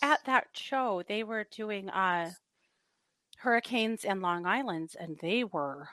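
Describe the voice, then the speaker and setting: A woman's voice: medium pitch, slow, dry recording. A middle-aged woman hosting a podcast, telling stories in casual chat with lots of laughter. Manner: laughing storyteller, animated retelling. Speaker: podcast host.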